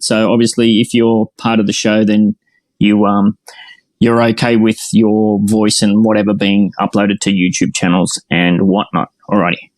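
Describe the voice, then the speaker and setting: A man's voice: on the low side, a little mellow, no echo. Laid-back Australian man hosting a chat. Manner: laid-back, chatty, says mate. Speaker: host. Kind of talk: casual online voice-chat show.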